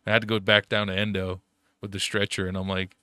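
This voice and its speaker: A man's voice: lowish voice, little pitch movement, quick pace, bright, forceful tone, smooth, no room sound, studio quality. A young man telling rambling, profanity-filled stories in casual chat, full of fillers.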